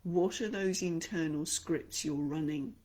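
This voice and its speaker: A woman's voice: on the low side, sing-song, unhurried, gravelly, a little mellow. An Australian woman teaching an online speaking lesson, talking expressively and acting out the inner voices she describes. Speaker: speaking coach.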